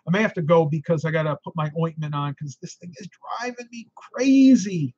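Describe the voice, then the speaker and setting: A man's voice: on the high side, quick pace, dry recording, muffled recording. A man hosting a live stream, chatting casually and answering viewer questions, tired and losing his voice, with frequent ums and laughs.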